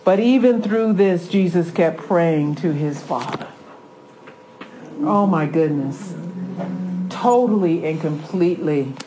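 A woman's voice: sits low, a little mellow, slight background noise, rough recording. A woman teaching a Bible lesson with fervor, reading scripture aloud and breaking into exclamations of praise.

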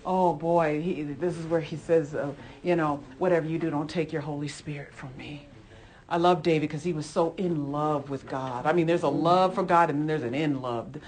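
Woman Bible teacher, low register, earnest and emphatic, chatty sermon delivery with repetitions. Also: steady tone, normal speed, darkish tone. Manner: earnest, emphatic, repeats phrases, many "you know" asides. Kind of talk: conversational Bible lesson sermon.

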